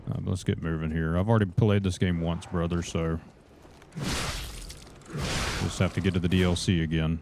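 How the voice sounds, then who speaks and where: Young Southern man, low voice, loose folksy live-stream game commentary. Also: flat delivery, moderate pace, creaky, long pauses, noisy background. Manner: folksy, calls viewers brother. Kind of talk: casual live gaming commentary.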